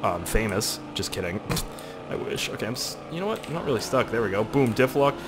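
A man's voice: fairly low pitch, expressive, brisk, background noise. A young man from Canada talking casually over a game, rambling and crude, swearing often, with an irritated throat. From Canada, Nova Scotia. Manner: puts on silly voices for quoted people. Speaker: gaming video host. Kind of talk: casual gameplay commentary.

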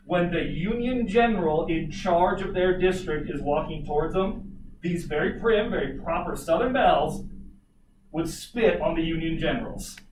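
A man from Colorado teaching a history class, telling stories and joking with his students. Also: high voice. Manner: animated, jokey asides to students. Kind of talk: classroom lecture with storytelling. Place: classroom, recorded from afar. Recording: echoey room, distant mic, noisy.

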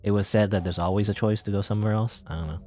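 A man narrating his gameplay in a rambling, chatty way, thinking out loud and chuckling as he goes. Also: on the low side, fairly even intonation, very fast. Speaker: let's play gamer. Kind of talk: casual gameplay commentary. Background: game music.

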